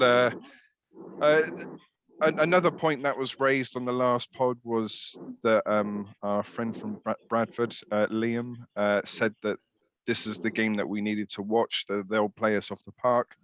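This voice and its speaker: A man's voice: medium pitch, fairly bright tone, slight background noise, rough recording. A man co-hosting a casual fan podcast, rambling with many fillers and the odd swear word. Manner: rambling, swears, laughs a lot. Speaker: podcast co-host.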